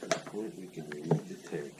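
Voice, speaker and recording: A man's voice: a bass voice, fairly quick. A middle-aged man working on his motorcycle in his home garage, breathing hard as he talks through each step in a plain, hands-on way. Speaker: home mechanic. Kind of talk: casual how-to demonstration. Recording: noisy garage recording.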